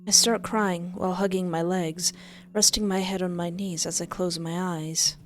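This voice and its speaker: A woman reading a visual novel aloud in first person, expressive, with exasperated asides. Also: lowish voice, normal speed. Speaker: game player narrating.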